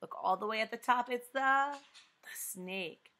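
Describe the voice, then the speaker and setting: A woman with a mid-range voice reads a picture book aloud to young children at a moderate pace. She asks them questions so they can guess each answer, dropping into dramatic hushed whispers for suspense.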